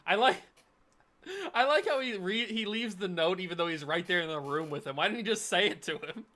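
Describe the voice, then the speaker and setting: Reaction host, male, chatty and excitable, fairly high bright voice. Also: quick pace. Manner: chatty, talks straight to viewers by name. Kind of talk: live watch-party reaction chat.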